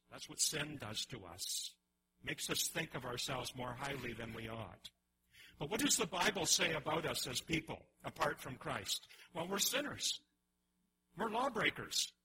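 Animated, bright-voiced male preacher. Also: a little high, a little hiss or hum, poor audio. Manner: animated, restarts often, acts out quoted voices. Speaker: pastor. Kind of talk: sermon.

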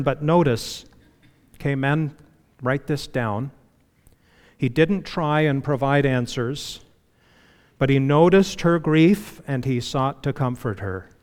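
A man preaching a sermon in a relaxed, conversational way, full of "you know"s and dropping to a hushed voice to stress a point. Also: fairly high pitch, big-room sound. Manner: conversational preaching with frequent you-knows, dropping to a hush for emphasis. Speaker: pastor.

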